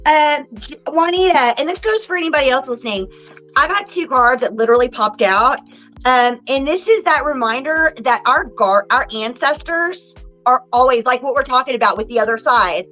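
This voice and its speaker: A cheerful woman chats through a live card-reading stream, her voice high and bright. She is theatrical and laughs easily. Faint music plays behind her. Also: animated, normal speed, highs cut off. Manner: bubbly, theatrical, laughs often. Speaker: live psychic card reader and co-host. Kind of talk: casual live-stream chat.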